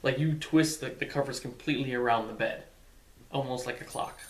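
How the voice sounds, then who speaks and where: A man in his twenties answering questions in a relaxed, hesitant way, with short replies and frequent "um"s, during a casual couple vlog. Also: medium pitch, fairly quick, far from the mic. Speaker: vlog guest, husband. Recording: echoey room, away from the mic, faint hiss.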